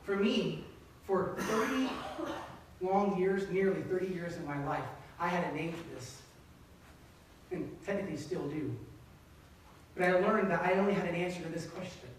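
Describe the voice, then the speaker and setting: Male pastor, 30s, high voice, lively chatty sermon, booming church echo, mic far away. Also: moderate pace, long pauses, a little hiss or hum. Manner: conversational, animated preaching. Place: church sanctuary. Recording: echoey sanctuary, distant mic.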